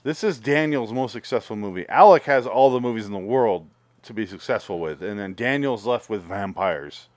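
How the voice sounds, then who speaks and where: A man's voice: lowish voice, expressive, moderate pace, darkish tone, dry recording. A man in casual podcast chat, wryly critiquing a film's pacing.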